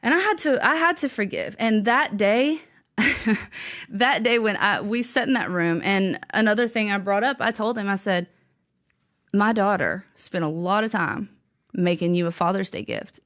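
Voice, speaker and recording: Woman guest on a podcast, talking earnest and emotional, stumbles and restarts a lot, mid-pitched voice. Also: fairly bright tone. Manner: earnest, halting, restarts often. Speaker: guest author. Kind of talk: personal storytelling in a podcast interview.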